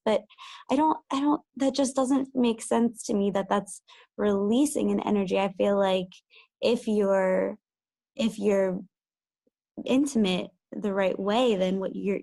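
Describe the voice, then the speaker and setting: A woman caller on a live call asking a question hesitantly, with many pauses and restarts. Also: mid-range voice, vocal fry, a little mellow, no room sound.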